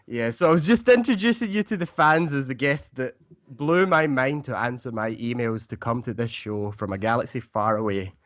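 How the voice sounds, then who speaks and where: A man hosting a casual fan podcast, excitable, often stammering and repeating words. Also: medium pitch, normal speed, no room sound, clean studio sound. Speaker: podcast host.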